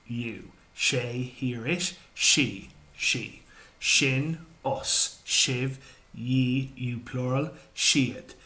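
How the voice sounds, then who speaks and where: Slow, bright-voiced Irish man teaching. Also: medium pitch. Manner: slow, careful, drilling repetitions. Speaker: grammar teacher. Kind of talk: instructional explanation.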